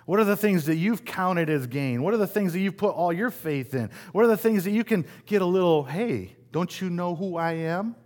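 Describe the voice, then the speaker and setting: A man's voice: sits high, expressive, brisk, few pauses, a little mellow. A middle-aged man from West Michigan preaching a sermon in a conversational, self-deprecating way, asking the congregation rhetorical questions. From West Michigan, USA. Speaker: pastor.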